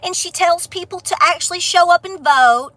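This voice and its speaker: A homestead vlogger with a Southern Appalachian accent, talking straight to camera. She is folksy and sassy, and her delivery is fired up. Her voice is high and bright. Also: moderate pace, no room sound. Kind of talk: casual rant to camera.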